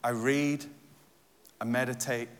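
A man preaching a sermon, repeating scripture lines and stressing different words in turn in a gentle, reflective teaching tone. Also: medium pitch, level tone, slow, clear, resonant tone. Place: church hall. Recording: long church-hall reverb.

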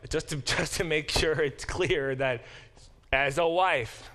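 A man's voice: a little high, slow pace, a bit bright. A middle-aged man teaching a Bible class, explaining verses, often correcting himself, and reading passages aloud with emphasis. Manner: explanatory, digressive, self-correcting; reads verses aloud with emphatic, lifted delivery. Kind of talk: lecture.

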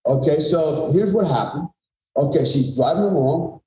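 A man's voice: fairly high pitch, moderate pace, warm tone. Blunt middle-aged man in a roomy echo. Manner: blunt, profane, emphatic. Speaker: podcast guest, former special forces soldier. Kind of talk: conversational storytelling.

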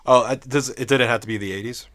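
A man's voice: mid-range voice, steady tone, fast, over a noisy crowd. A man on a casual podcast, speaking in a laid-back way with short replies.

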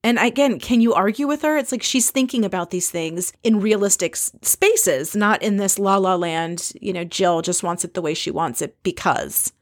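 A woman chatting casually as she recaps a reality show, opinionated and quick to mimic the people she describes. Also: mid-range voice.

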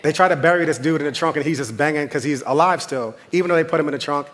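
A man's voice: on the high side, very fast, fairly bright tone. Man preaching with passionate repetition. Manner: conversational, impassioned preaching with repeated phrases. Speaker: pastor. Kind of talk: sermon.

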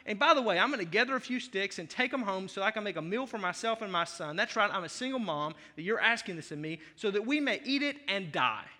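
A man voicing an angry, destitute widow and single mother who shouts out her indignation. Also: high voice, lively intonation, quick pace, few pauses, long reverb tail, exaggerated voice. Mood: furious.

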